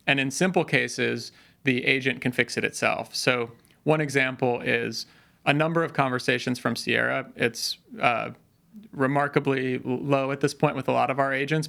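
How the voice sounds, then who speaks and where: Male podcast guest, product lead; gravelly and bright, thoughtful explainer with fillers. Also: medium pitch. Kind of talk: conversational tech interview.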